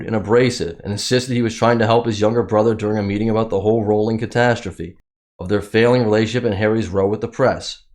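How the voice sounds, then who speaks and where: A man's voice: on the low side, darkish tone. A man giving sarcastic commentary in a vlog, reading news excerpts aloud and mocking them. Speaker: commentary vlogger.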